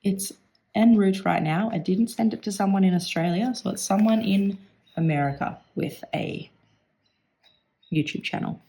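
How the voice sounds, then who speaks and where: Woman vlogging with a croaky gravelly voice, low and mellow, rambly chat. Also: normal speed. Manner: chatty, rambling, with throat clearing. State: hoarse, losing her voice. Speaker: stationery vlogger. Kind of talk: casual flip-through vlog narration.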